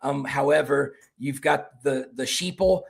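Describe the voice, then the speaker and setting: A man's voice: medium pitch, measured pace, gravelly, husky. A man with a Kentucky accent hosting casual political commentary, rambling and restarting his words as he talks.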